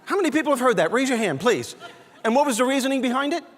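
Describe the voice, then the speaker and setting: A man from Brooklyn, giving a comedic motivational keynote with animated, punchy storytelling. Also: very high-pitched, rapid-fire, big-room sound. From Brooklyn, New York. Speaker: keynote speaker. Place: large hall, on stage.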